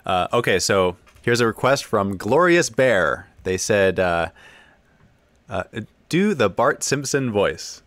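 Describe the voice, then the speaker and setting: A man with a very deep voice hosts a casual interview and asks his guest eager, rambling questions. He starts and restarts his sentences, and his sound is close and dry. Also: sing-song, a bit bright, no echo. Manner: eager, halting questions with many fillers. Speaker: podcast host.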